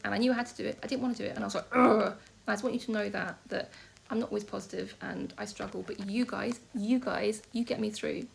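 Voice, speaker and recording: A woman talks straight to her phone camera from a hospital room, rambling candidly from one thought to the next. Her voice is heavily gravelly, full of vocal fry, and she speaks quickly. Faint room ambience sits behind her. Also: medium pitch, fairly even intonation, slight background noise, low-quality recording. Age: 30s. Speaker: vlogger. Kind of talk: casual vlog monologue.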